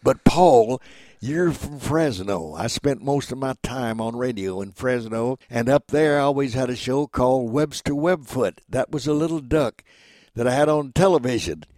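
A man's voice: mid-range voice, moderate pace, a little mellow, dry recording. Brief: elderly man, nineties, chatty and jovial, mid-range voice, dry studio sound. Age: 90s. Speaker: guest, veteran voice actor. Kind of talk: reminiscing interview.

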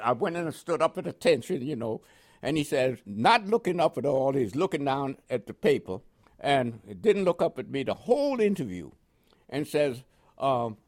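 An older Panamanian man recounts his life story in an oral history interview, animated and chuckling often. His New York accent carries West Indian inflections, and his voice sits a little high.

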